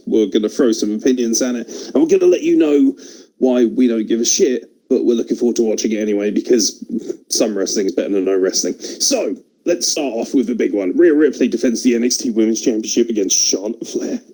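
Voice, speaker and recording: A man hosting a podcast in loose, casual chat, laughing easily and throwing in quick asides. His voice sits at an ordinary middle pitch with a mellow, warm tone. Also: rough recording. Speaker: podcast host.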